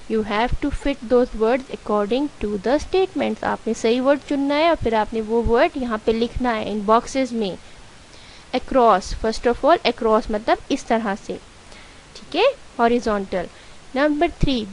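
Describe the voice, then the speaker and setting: A woman teacher with a Pakistani accent, slowly explaining a workbook lesson to young children and asking them questions as she goes. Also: fairly high pitch, low-quality recording. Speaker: school teacher. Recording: faint background hiss.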